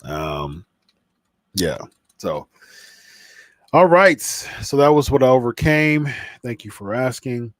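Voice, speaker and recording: A male podcast host rambles through a live stream in a casual, mid-pitched voice, with many "uh"s and restarts. He sounds slightly stuffy, and the recording is dry and close with no room sound. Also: sing-song, takes it slowly, pauses often, a bit bright, no echo.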